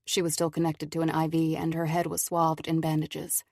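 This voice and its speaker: Low, gravelly female narrator, calm measured audiobook read. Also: no echo, clean studio sound. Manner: calm, measured first-person telling.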